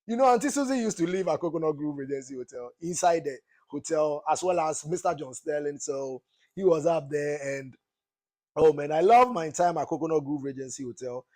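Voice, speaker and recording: A high-voiced man with a Ghanaian accent lectures passionately in a casual monologue. He gets preachy and mixes Twi words into his English. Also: animated, a little fast, darkish tone. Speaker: political commentator.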